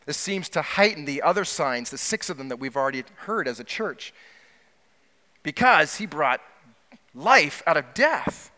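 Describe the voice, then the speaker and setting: A man preaching a sermon, putting questions to the congregation and slowing down to stress key words. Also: on the high side, lively intonation, pushed and bright, long reverb tail. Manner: asks the congregation questions, slows down for emphasis. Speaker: pastor.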